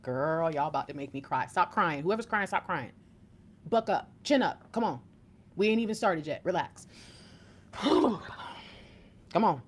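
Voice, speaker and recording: A woman giving a tarot reading to her viewers, excitable, breaking into laughs and whispers as she talks straight to them. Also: sits low. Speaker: tarot reader.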